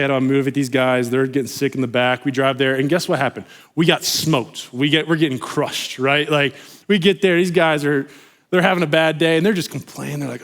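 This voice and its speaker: Young American male pastor, storytelling sermon, animated, somewhat high voice. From United States. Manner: animated, acts out quoted voices, many fillers like "you know".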